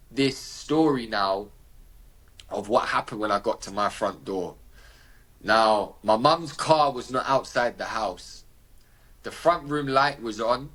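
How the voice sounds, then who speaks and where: A British man from the United Kingdom, with a medium-pitched and fairly bright voice, appears as a podcast guest telling a personal story. His telling is vivid and slangy, and he acts out the dialogue.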